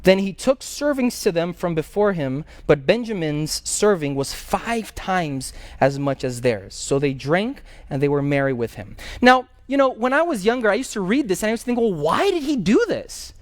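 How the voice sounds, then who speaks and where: A high-pitched male pastor, very animated, teaches a Bible class and responds to questions from the group at a moderate pace with few pauses. He tells energetic stories, repeats key phrases, and occasionally searches for a word. The studio sound is clean, with no room sound.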